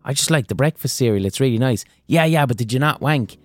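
A man's voice: medium pitch, animated, fast talker, no room sound, faint music behind, lightly acted. A man voicing a cheerful, naive customer who chats innocently about cereal. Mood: chirpy.

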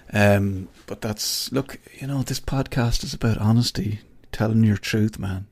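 This man's voice is low-ish, gravelly, husky and a little mellow, with lively intonation, a moderate pace and few pauses. As a middle-aged Irish host finishing his own podcast, he rambles and swears through a joking farewell peppered with asides to a make-believe colleague.

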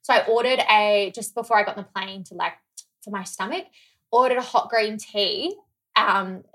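A woman from Australia chatting casually as a podcast co-host, telling stories in an animated way, swearing freely and acting out what people said. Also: mid-range voice, normal speed. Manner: animated, swears freely, acts out quoted dialogue. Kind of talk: casual chat, storytelling.

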